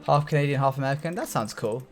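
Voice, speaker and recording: A man's voice: mid-range voice, quick pace, faint music behind. A young man chatting casually with his live chat while he plays a building game, reading comments aloud and joking. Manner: chatty, reads chat aloud, jokey asides. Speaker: streamer.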